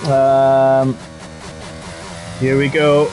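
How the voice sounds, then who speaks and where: A man's voice: medium pitch, completely flat delivery, very slow, faint music behind. A man giving live sim-racing commentary in a chatty, jokey way with playful quips. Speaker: race commentator.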